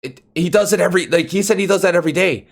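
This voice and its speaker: A man's voice: very fast, creaky. A man hosting a live interview podcast, chatting casually and acting out stories with quoted voices. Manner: animated storytelling, acts out quotes in a higher voice. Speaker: podcast host.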